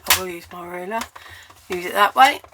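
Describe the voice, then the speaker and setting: A woman's voice: on the low side, fairly quick, background noise. An English woman giving a chatty, step-by-step cardmaking tutorial while she works at her crafting table.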